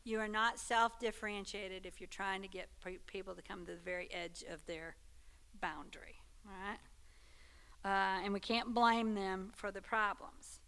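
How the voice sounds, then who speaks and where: A woman from Texas teaches a Sunday school class conversationally, often checking in with her listeners. Her mid-range voice is pushed and bright, clear and resonant.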